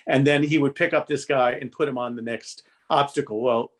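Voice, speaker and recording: A man's voice: mid-range voice, steady tone, fairly quick, few pauses. An older man from Indiana, a guest telling long, rambling stories in a casual podcast interview, with lots of restarts. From Indiana, USA. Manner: rambling storyteller, chatty with many restarts. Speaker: guest, former game show host.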